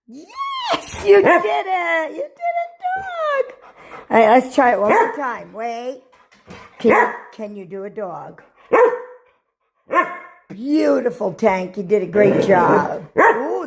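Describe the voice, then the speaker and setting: A woman's voice: mid-range voice, animated, takes it slowly, vocal fry, pauses often, a little hiss or hum. A woman talking playfully to her pet dog, coaxing and praising it. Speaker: pet owner. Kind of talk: casual talk to a pet.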